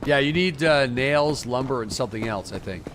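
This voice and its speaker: A man's voice: medium pitch, lively intonation, moderate pace, background noise. A man streaming a game, casually chatting with a co-op partner, swearing and thinking aloud. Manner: laid-back, profane, thinking aloud. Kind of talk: casual gaming chat with a co-op partner.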